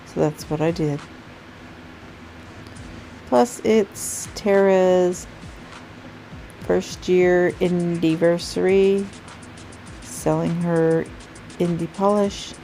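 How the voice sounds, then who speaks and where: Sleepy-sounding woman with a gravelly voice. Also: lowish voice, dark tone, low-quality recording. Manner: chatty, rambling, self-correcting. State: sleepy, yawning. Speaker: nail art vlogger. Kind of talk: casual chat to camera. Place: home craft room.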